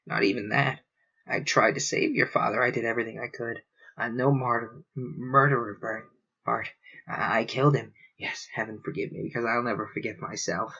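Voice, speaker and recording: A man's voice: mid-range voice, steady tone, gravelly, husky, lo-fi sound, full character voice. A man doing a guilt-ridden alien official, choked. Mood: choked, remorseful. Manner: choked, hushed, halting.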